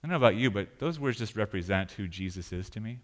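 A man preaching a sermon as pastor in a church, animated, acting out panicked voices. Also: fairly low pitch, fast talker.

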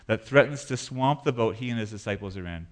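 A man preaching a sermon as pastor in a church, animated, acting out panicked voices. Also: fairly low pitch, a little fast.

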